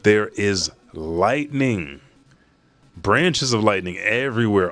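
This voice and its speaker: A man hosting a casual reaction, reading a chapter aloud. He swears freely and gets excited. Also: low voice, slow pace, faint music behind. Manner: profane, excitable, reads quoted lines aloud. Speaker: manga reaction host.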